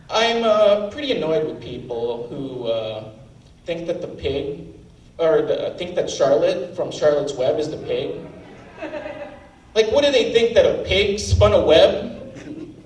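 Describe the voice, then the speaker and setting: A man's voice: sits high, slight background noise. A man doing standup, ranting with outrage and plenty of profanity. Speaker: standup comic. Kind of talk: standup set. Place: comedy club stage. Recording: roomy live venue, mic at a distance, faint ambience.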